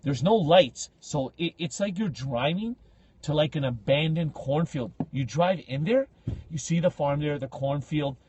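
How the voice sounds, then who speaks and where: A man with a slightly high, husky voice tells a story on a casual podcast. He is slangy and lively, and he jumps into loud, animated impressions of the people in his tale. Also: a little slow. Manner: animated, acts out quoted speech with big loud jumps; slangy, says bro and like a lot. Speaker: podcast co-host telling a story.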